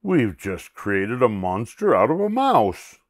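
A man's voice: mid-range voice, big pitch swings, slow pace, no room sound, clean studio sound. A man voicing a clever, self-assured male owl in a storybook read aloud, sounding pleased with himself. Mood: amused. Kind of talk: storybook reading.

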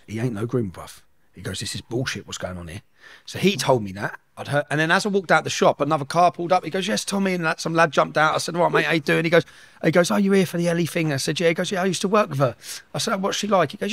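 A man's voice: on the high side, very fast, creaky, fairly bright tone, dry recording. A middle-aged man, telling a story at speed in an interview and acting out the dialogue. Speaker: guest.

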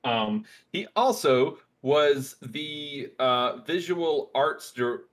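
A man's voice: a little high, expressive, very slow, a bit bright. A man co-hosting a podcast in casual chat, talking with frequent ums and restarts. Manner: chatty, hesitant with ums and likes. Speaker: podcast co-host.

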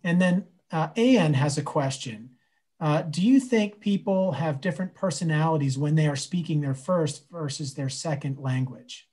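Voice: mid-range voice, normal speed, warm tone. A moderator reads audience questions aloud at a lecture. The delivery is hesitant, with many fillers between phrases.

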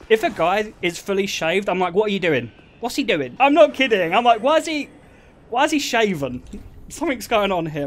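High, excitable young male streamer. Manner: excitable, laughs often, banters with chat. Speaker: livestreamer. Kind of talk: casual live-stream chat.

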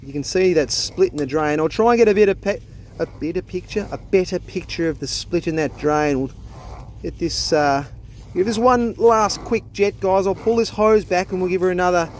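Chatty Australian tradie, a bit high. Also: male voice, normal speed, a little mellow, a little hiss or hum. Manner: chatty and jokey, swears casually. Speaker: plumber filming his job. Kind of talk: casual on-the-job vlog. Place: outdoors at a drain. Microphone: handheld phone.

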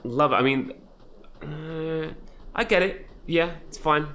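A man's voice: on the high side, slow pace, pushed and bright, slight background noise. A man giving chatty, jokey let's-play commentary as a gaming YouTuber. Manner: chatty, jokey, thinking aloud.

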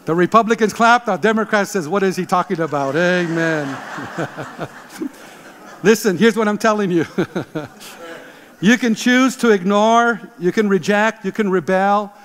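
A man in his sixties, a pastor, preaching an emphatic, animated sermon. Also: high-pitched, a little slow, pauses often, long reverb tail, a little hiss or hum. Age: 60s. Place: church sanctuary.

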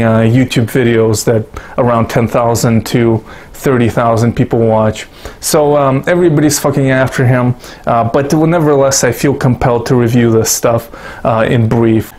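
A man's voice: mid-range voice, darkish tone. Sarcastic, swearing YouTube commentator man. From Russia. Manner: sarcastic, rambling, heavy swearing, self-mocking asides. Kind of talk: profane casual commentary to camera.

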